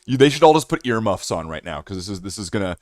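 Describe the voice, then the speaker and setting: A man's voice: fairly low pitch, sing-song, quick pace, darkish tone, no echo, clean studio sound. A man from Canada hosting a casual livestream, rambling and joking with chat while he paints miniatures. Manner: rambling, jokey, talks to chat. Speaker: streamer.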